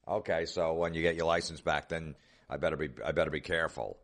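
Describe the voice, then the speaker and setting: A man's voice: a bass voice, little pitch movement, fast talker. A man hosting a comedy podcast, mocking things in a sarcastic, profane rant. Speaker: comedian host.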